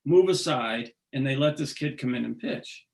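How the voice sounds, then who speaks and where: A man being interviewed, talking earnestly and haltingly, often restarting his sentences. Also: medium pitch, expressive, gravelly, darkish tone. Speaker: singer, interview guest. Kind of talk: casual interview conversation.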